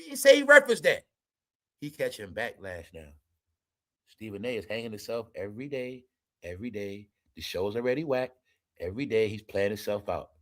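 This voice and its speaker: A man ranting through celebrity commentary in a forceful, bright, edgy voice pitched a little high. He is profane and emphatic, and he talks straight to his audience as the show's host.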